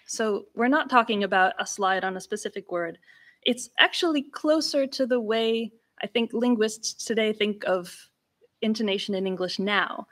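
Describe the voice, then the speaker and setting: A woman's voice: fairly high pitch, moderate pace. A woman giving an academic lecture-recital, talking casually with restarts and breaking into sliding, exaggerated inflections to demonstrate old speech styles. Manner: demonstrates speech inflections with sung-like slides and exclamations; conversational, with restarts. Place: lecture room.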